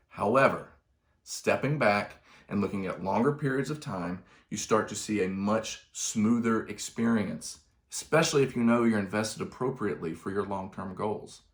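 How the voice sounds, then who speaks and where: A man with a lowish voice walks through a finance lesson in a relaxed, conversational way. He stumbles and restarts a little, then drops in wry little asides. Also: normal speed. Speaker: finance instructor. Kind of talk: explanatory video lesson.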